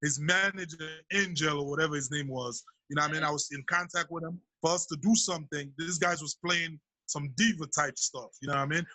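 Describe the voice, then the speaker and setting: Bright, high-voiced rapper talking casually. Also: male voice, steady tone, a little fast, hardly any pauses, no room sound, poor audio. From Sierra Leone. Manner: laid-back, peppers speech with "you know what I mean". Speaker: rapper being interviewed. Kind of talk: casual interview talk.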